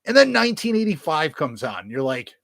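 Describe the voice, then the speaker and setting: A man's voice: fairly high pitch, sing-song, fairly quick, fairly bright tone, no echo. A man in a casual vlog, reviewing albums from his collection in a crude, joking, self-mocking way, rambling with lots of fillers and swearing.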